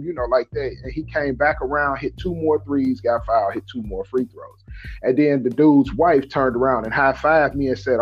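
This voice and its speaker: Man, casual storytelling, animated, husky, dull audio. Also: medium pitch, normal speed. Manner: animated, acts out other people's lines in a raised voice. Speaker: podcast host.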